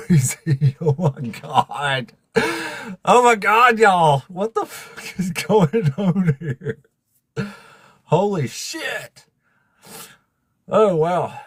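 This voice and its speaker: A man hosting a casual livestream, laughing and swearing as he thanks viewers, emotional and fighting back tears in a raspy voice. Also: mid-range voice, no room sound. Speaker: livestream host.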